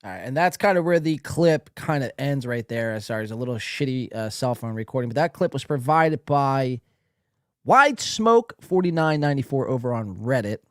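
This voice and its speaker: Animateur de podcast à la voix mobile, moqueur et grossier. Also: male voice, medium pitch, moderate pace, no room sound, studio quality. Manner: profane, mocking, animated. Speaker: podcast host. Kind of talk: crude casual commentary.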